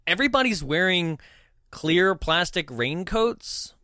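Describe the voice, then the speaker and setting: Bright-voiced man chatting, laughing often. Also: high voice, lively intonation, a little slow, no room sound, clean studio sound. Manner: laughs often, rambling, lots of "right?". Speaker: podcast co-host. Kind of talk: casual movie discussion chat.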